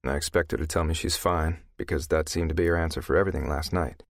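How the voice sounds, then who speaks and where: A man narrates in the first person, gruff and profane but intimate. His voice sits very low with a heavy gravelly grain, and it is recorded close and completely dry in a studio. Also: flat delivery, brisk, no room sound. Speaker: audiobook narrator.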